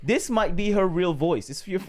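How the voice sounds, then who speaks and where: A man hosting a podcast in casual chat, excitable and quick to laugh as he hypes up his guest. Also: sits high. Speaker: podcast host.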